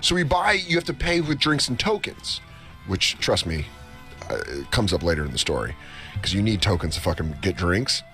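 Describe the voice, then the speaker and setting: A man's voice: lowish voice, big pitch swings, moderate pace, sharp tone. A man on a comedy talk show rambles through a long, profane story. He keeps stopping to act out what other people said. Faint music plays underneath. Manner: rambling, profane, acts out quotes. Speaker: comedy podcast co-host. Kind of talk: casual storytelling chat.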